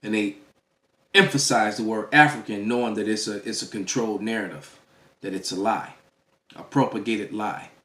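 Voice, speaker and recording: A man's voice: on the low side, moderate pace, fairly bright tone. Emphatic man preaching a lecture. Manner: emphatic, repeats "all right?" as a check-in; restarts and stammers mid-phrase. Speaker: religious teacher.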